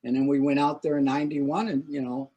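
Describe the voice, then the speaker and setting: An older man telling animated anecdotes in a casual talk, acting out what people said. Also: on the high side, quick pace, highs cut off. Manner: animated anecdote teller, acts out quotes. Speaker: longtime corps director. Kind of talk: casual storytelling.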